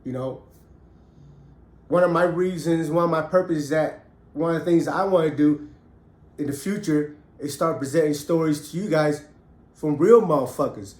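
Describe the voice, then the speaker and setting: With a voice on the high side and a darkish tone, this middle-aged man talks at normal speed but pauses often, the sound roomy. An ex-convict, he tells his personal story bluntly, heatedly and emphatically, cursing freely.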